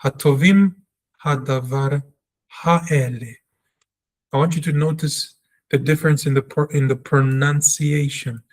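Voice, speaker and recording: A man's voice: on the high side, level tone, moderate pace. A man teaching a language lesson, reading example sentences aloud and explaining them step by step, repeating sounds for practice. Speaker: Hebrew teacher.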